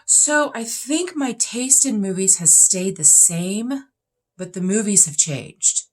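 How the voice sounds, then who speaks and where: A woman's voice: mid-range voice, animated, takes it slowly. A woman in her fifties, a vlogger chatting casually through a list of questions, blunt and opinionated with plenty of emphasis. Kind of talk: casual chat answering questions.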